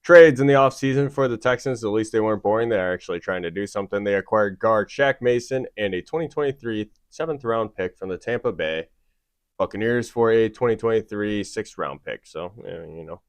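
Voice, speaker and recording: A man with a somewhat low voice hosts a loose football podcast with friends. He runs through player signings and chuckles between the figures. The sound is close and dry. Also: fairly quick, smooth, no room sound. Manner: reads off stats with laughs. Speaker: podcast host. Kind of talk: casual sports chat.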